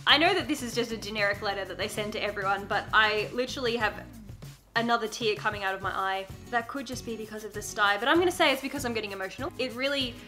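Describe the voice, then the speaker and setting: Bright, earnest young woman vlogger. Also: mid-range voice, fast talker, soft background music. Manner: earnest and emotional, with frequent giggles. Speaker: beauty YouTuber. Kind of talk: casual unboxing vlog.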